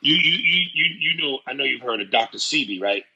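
A man in casual chat, telling stories in an animated, profane way. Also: mid-range voice, brisk, gravelly, breathy edge, lo-fi sound.

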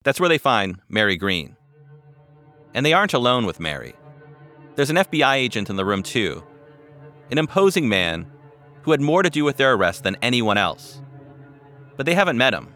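Male host, scripted narration, measured and dramatic, bright tone. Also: medium pitch, sing-song, faint music behind. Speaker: podcast host.

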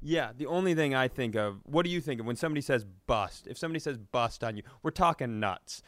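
A man co-hosting a comedy podcast, telling a story in an animated, profane way and often restarting sentences. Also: mid-range voice, fast, dry recording. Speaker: podcast co-host.

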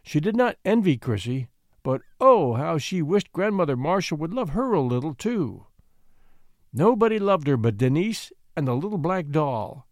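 A man narrating a classic storybook in an expressive, gently measured way. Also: on the high side, dry recording, clean studio sound.

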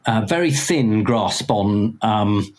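A man's voice: on the low side, expressive, slow, darkish tone. A man, a guest on a podcast, speaking in casual interview chat, hesitant with many ums and dry wry asides. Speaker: podcast guest, magazine editor.

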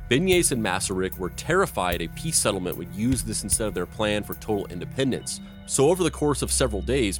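A man hosting a history podcast, narrating events and slipping into deadpan absurd jokes. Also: lowish voice.

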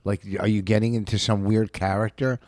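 A man's voice: lowish voice, level tone, fairly quick, a little mellow, dry recording, studio quality. An older man co-hosting a comedy podcast, bluntly teasing his co-host in playful banter. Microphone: studio microphone.

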